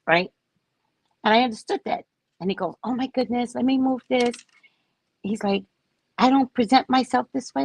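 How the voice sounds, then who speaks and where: A woman's voice: a little high, vocal fry, a little mellow, slightly rough, no room sound. A woman host telling a personal story in casual talk, acting out both sides of the dialogue. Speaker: podcast host.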